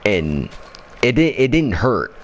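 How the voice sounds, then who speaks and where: A man's voice: on the low side, sing-song, slow, a little hiss or hum. A man telling a story in casual chat while playing a game, swearing constantly and rambling with fillers. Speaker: gaming channel host.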